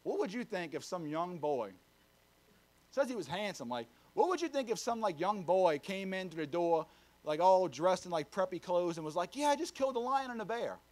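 A fervent preacher with a high-pitched man's voice. He drives his points home with loud, emphatic bursts, then drops into low, confiding asides to the congregation. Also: lively intonation, moderate pace. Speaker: pastor. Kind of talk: sermon.

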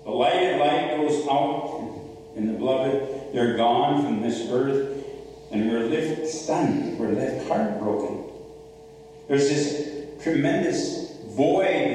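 A man's voice: mid-range voice, dark tone. A male pastor preaching a sermon with emphatic, repetitive storytelling, recorded in a church sanctuary. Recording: echoey church hall, far mic, faint hum.

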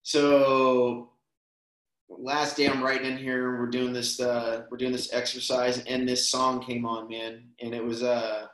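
A man's voice: mid-range voice, a little slow. A man telling a personal story in casual, rambling conversation, tossing in "man" and "dude" as he goes. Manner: relaxed, rambling, peppers speech with "man" and "dude". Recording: roomy echo.

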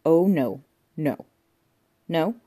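A woman's voice: sits low, animated, extremely slow, mellow, husky, exaggerated voice. A woman voicing a fussy, anxious middle-aged male restorer who talks in a prim, insistent way. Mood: agitated. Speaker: figure in a comic novel.

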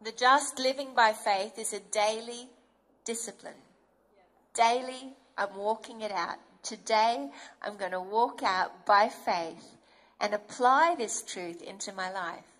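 A woman's voice: on the high side, slow, a bit bright. A woman preacher giving an earnest, emphatic sermon and acting out inner voices as she goes.

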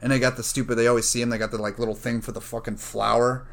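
A man hosting a solo podcast, rambling casually and thinking out loud, with plenty of swearing and filler words. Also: medium pitch, level tone, racing, creaky. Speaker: podcast host.

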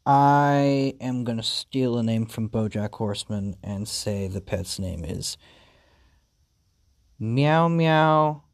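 A game host giving deadpan, amused playthrough commentary and reading the game's story text aloud. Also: mid-range voice, unhurried, vocal fry, few pauses, no room sound, studio quality. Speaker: gaming video host.

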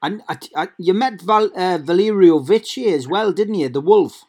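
A man's voice: sits high, normal speed, heavy background noise. A man interviewing a guest, asking short prompting questions. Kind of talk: casual interview.

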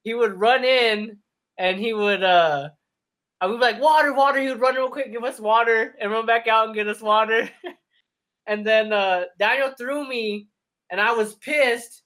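A man's voice: high voice, measured pace. A young man, a podcast co-host, telling a profane, laughing story among friends. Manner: profane, laughing, animated retelling.

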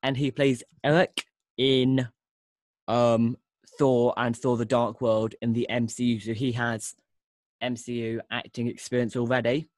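A man hosts a casual podcast, talking with enthusiasm and often restarting his sentences. His voice sits at a middling pitch. The recording is dry and close. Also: little pitch movement, unhurried, no room sound. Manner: enthusiastic, rambling, with frequent restarts. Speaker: podcast host.

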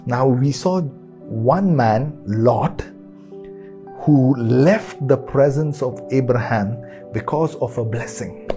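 A male pastor preaching a sermon, repeating phrases and swinging from hushed asides to loud emphasis. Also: mid-range voice, slow pace, soft background music. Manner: repetitive, excitable, swinging from hushed to shouted.

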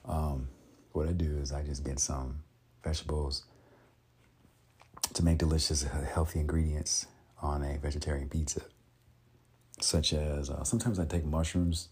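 A man vlogging in a casual, rambling way, with many pauses and restarts. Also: a bass voice, little pitch movement, a little mellow, slightly rough. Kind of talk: casual chat.

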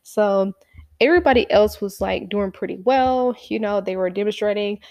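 A woman's voice: medium pitch, moderate pace, a little mellow, no echo. A woman casually telling a personal story in a chatty, rambling way, acting out what people said. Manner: chatty, rambling, acts out quotes.

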